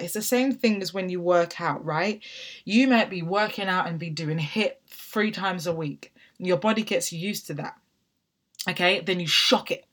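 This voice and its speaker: Emphatic woman giving a motivational talk. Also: lowish voice. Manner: emphatic, preachy, with rhetorical questions and "right?". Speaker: motivational podcast host.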